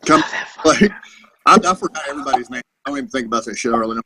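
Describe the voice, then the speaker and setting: A man's voice: mid-range voice, racing, crowd noise, rough recording. A Marine veteran in his thirties, a podcast guest telling profane, rambling anecdotes in a casual chat. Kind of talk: casual storytelling.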